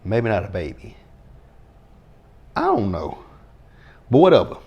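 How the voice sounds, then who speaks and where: Sassy, profane man, lowish voice. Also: wildly swooping pitch, a little slow, gravelly, dark tone, breathy edge. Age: 30s. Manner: blunt, profane, sassy retelling. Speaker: TV episode recap host. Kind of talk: casual recap chat.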